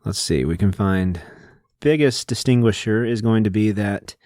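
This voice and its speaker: A man's voice: on the low side, normal speed, a little mellow, no room sound, clean studio sound. A man co-hosting a podcast, patiently explaining things in a casual, lecturing way. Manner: lecturing, patient, detail-heavy. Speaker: podcast co-host.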